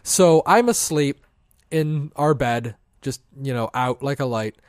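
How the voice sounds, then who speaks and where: A man's voice: mid-range voice, expressive, slow, no echo, clean studio sound. A man co-hosting a casual podcast, telling rambling stories with frequent restarts. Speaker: podcast co-host. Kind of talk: casual chat. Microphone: headphones, podcast mic.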